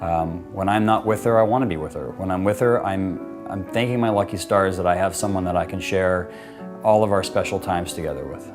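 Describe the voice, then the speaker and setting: This low-sitting male voice moves fairly quickly as he casually recounts his proposal for the camera. Soft guitar music plays in the background, and his rambling telling is peppered with "like" and "you know" as he quotes himself and his partner.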